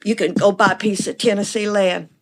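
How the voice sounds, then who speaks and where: A woman in her seventies telling a personal story in conversation, animated and acting out the voices of people she quotes. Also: medium pitch, brisk. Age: 70s. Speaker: guest.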